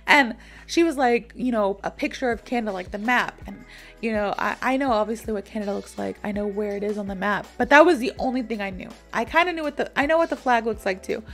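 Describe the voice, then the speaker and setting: A young woman with an American accent tells a personal story to teach an English idiom. Her voice sits slightly high, and she slips in quick impressions of the people she quotes. Faint music plays behind her. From Florida, USA. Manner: animated, acts out quoted voices, laughs often. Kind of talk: casual storytelling lesson.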